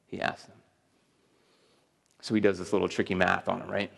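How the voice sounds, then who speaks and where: A man's voice: low voice, level tone, normal speed, gravelly, a bit bright, husky. A man preaching a sermon as pastor, conversational and asking his audience questions. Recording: long reverb of a large hall.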